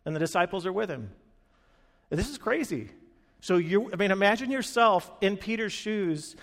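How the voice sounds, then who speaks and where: A man's voice: high voice, moderate pace, gravelly. Man preaching in a reverberant hall. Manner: animated storytelling, acting out quoted lines. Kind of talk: sermon.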